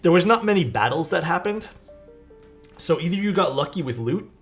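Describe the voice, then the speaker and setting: A man's voice: fairly high pitch, expressive, a little fast. Chatty young man telling stories on stream. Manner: rambling and chatty, peppered with "like" and swearing. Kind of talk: casual storytelling while building a keyboard on a live stream. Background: faint background music.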